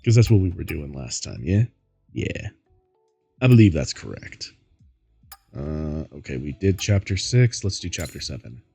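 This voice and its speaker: A man's voice: rumbling low, sing-song, a little slow, creaky, pauses often, dark tone, husky, faint music behind. A goofy, giggly man hosting a laid-back gaming stream and rambling to chat, a bit tired from poor sleep. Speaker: streamer host. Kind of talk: casual chat while gaming.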